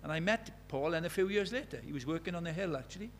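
A man's voice: a little high, lively intonation, fast talker, a little hiss or hum. A man preaching a sermon, earnest and questioning, retelling conversations as dialogue.

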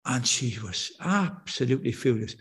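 A man's voice: medium pitch, big pitch swings, moderate pace, slightly rough. A man preaching a sermon in a church, talking in a conversational way, telling stories and asking his listeners questions. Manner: conversational, anecdotal, full of rhetorical questions.

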